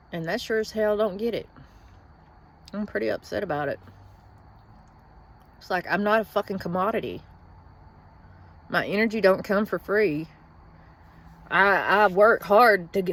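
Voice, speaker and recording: A woman's voice: medium pitch, normal speed, pauses often, fairly bright tone. A woman talks in a blunt, profane, rambling way in a casual vlog, venting from inside a vehicle in a parking lot. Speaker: vlogger.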